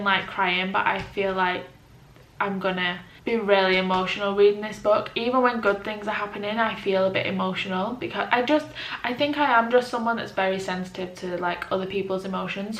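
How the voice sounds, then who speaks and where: A woman's voice: mid-range voice, fairly bright tone. A woman chatting casually as a book vlogger, rambling and emotional, with many restarts. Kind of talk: casual chat to camera. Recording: roomy echo with faint ambience.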